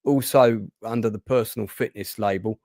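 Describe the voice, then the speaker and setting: A man's voice: fairly low pitch, fairly even intonation, normal speed, a little mellow, dry recording, studio quality. A man hosting an interview podcast, chatting in a rambling way with many restarts. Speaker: podcast host. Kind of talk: casual interview chat.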